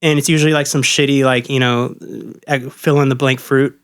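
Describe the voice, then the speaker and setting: A man's voice: medium pitch, flat delivery, fairly quick, clear, resonant tone. A man co-hosting a podcast, a bartender ranting casually and profanely about what customers order.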